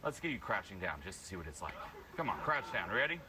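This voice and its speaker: Brief: male workshop coach, lively swinging delivery, blunt and energetic, noisy live room. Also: deep voice, fast. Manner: energetic, blunt, bursts into loud yells. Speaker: social confidence coach.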